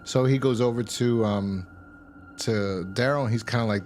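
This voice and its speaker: A man's voice: medium pitch, moderate pace, darkish tone, a little hiss or hum. A man casually recapping a TV episode as a reviewer, rambling and slangy with lots of fillers. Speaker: TV show reviewer.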